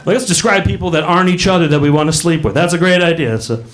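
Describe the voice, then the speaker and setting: A man's voice: a little high, animated, quick pace, crowd noise. A man performing a rambling stand-up comedy set on a comedy club stage, laughing at his own jokes.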